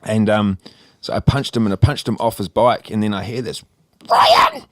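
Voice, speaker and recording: A man's voice: on the low side, steady tone, fairly quick, darkish tone, dry recording, studio quality. A young Australian man telling a long story in casual podcast chat, rambling, laughing and swearing freely. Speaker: podcast co-host.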